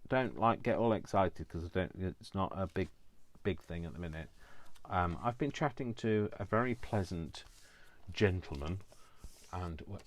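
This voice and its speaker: A man in his fifties chatting casually and rambling with self-mocking asides while he does a craft project. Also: deep voice. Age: 50s. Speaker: craft vlogger.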